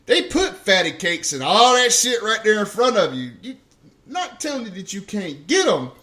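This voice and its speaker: A man's voice: high-pitched, sing-song, moderate pace, pushed and bright. A man, a podcast co-host and army veteran, telling rowdy stories in casual chat, swearing and laughing as he talks. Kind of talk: casual storytelling.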